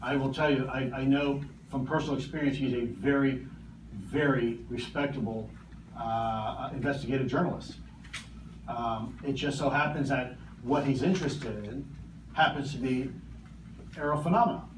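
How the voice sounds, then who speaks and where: A man's voice: medium pitch, fairly even intonation. Earnest man speaking in a roomy hall. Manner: earnest, measured, repeats words. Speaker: conference keynote speaker. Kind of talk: public Q&A answers. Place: large conference hall. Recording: roomy hall, distant mic, noisy.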